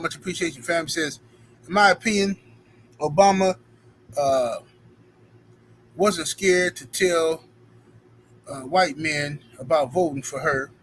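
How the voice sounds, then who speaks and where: A man's voice: high voice, slight background noise, poor audio. A man hosting a live stream, talking casually and reading viewer super chats aloud with emphatic, playful banter. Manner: animated, reads out super chats and thanks donors; emphatic, playful street talk.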